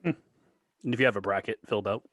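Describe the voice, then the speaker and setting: Man with a bright, forceful voice. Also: lowish voice, fast, no room sound. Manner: chatty, teasing, profane. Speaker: sports podcast co-host. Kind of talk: casual sports talk.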